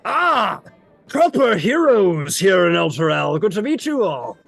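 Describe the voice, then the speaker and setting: A man voicing a big, burly male knight commander who is jovial and bluff, speaking in a booming, hearty way. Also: big pitch swings, measured pace, gravelly, fairly bright tone, dry recording, soft background music, exaggerated voice.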